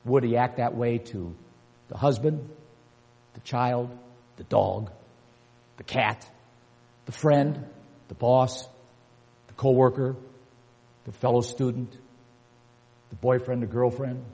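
An older man preaching a sermon with emphasis, repeating key words and building to forceful peaks. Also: medium pitch, fairly even intonation, slow pace, long pauses. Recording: long hall reverb.

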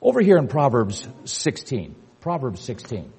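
An older man preaching a sermon with emphasis, repeating key words and building to forceful peaks. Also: medium pitch, wildly swooping pitch, moderate pace, vocal fry, breathy edge. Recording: long hall reverb.

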